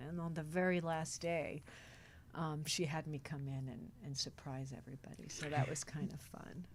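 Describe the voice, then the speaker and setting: Woman, actress guest, low-ish voice, animated storyteller, casual chat. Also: moderate pace, slight background noise. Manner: animated storyteller, acts out quotes.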